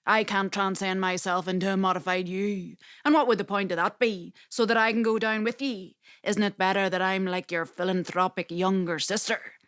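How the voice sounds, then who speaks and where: A woman's voice: medium pitch, steady tone, moderate pace, hardly any pauses, a bit bright, clear, resonant tone, no room sound, studio quality, close to an everyday voice. A woman playing a brash, mocking street thief.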